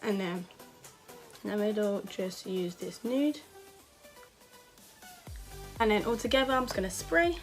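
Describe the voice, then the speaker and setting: A woman's voice: medium pitch, lively intonation, a little slow, pauses often, soft background music. A young woman from England talking casually through a makeup tutorial, chatty and full of slang. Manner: chatty, slangy, lots of "you know". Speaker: beauty vlogger.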